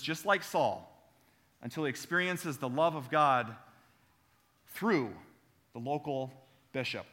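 Here a young pastor speaks with a fairly high pitch and sharp tone. Preaching in a church sanctuary, he keeps things conversational, telling amusing stories and addressing the audience directly.

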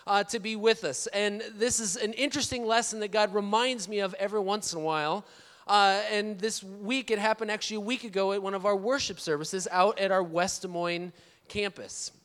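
A pastor in his thirties tells a personal story in an easy, animated sermon, his voice high, bright, and brisk. He calls for amens from the congregation while the long reverb of a large church auditorium rings around him.

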